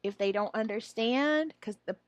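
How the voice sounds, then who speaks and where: A woman explaining how to teach a lesson, slipping into a high, drawn-out teacher voice to model phrases. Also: dry recording. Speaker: online English teacher trainer. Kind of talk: instructional walkthrough.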